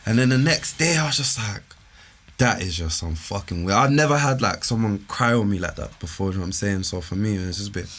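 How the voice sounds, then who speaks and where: A man's voice: on the low side, fairly quick. Young man telling a story. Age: young adult. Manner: relaxed slangy storytelling. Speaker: podcast co-host. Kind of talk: casual storytelling chat.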